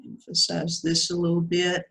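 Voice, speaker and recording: A woman's voice: fairly low pitch, completely flat delivery, normal speed, creaky, a bit bright, poor audio. A woman teaching a watercolor demonstration, chatting as she paints, self-critical and reassuring by turns. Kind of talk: painting demonstration, thinking aloud.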